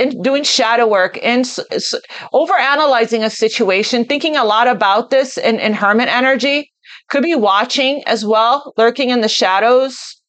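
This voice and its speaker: A woman's voice: sits high, a bit bright. A woman giving an unscripted tarot reading, talking earnestly as if relaying intuitive messages and repeating phrases for emphasis. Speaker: tarot reader. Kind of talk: spontaneous tarot card reading.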